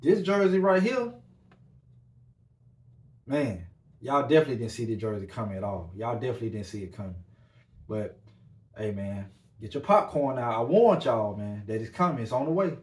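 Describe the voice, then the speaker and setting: A man's voice: medium pitch, lively intonation, normal speed, pauses often. Male podcast host, easygoing rambling delivery, echoey room. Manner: laid-back, repeats "man" at line ends. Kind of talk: casual monologue.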